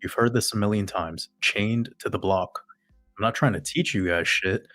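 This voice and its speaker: A man's voice: fairly low pitch, moderate pace, a bit bright, no room sound, studio quality, soft background music. A man host ranting in profane, sarcastic casual talk to a live chat audience. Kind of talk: casual rant to a livestream chat.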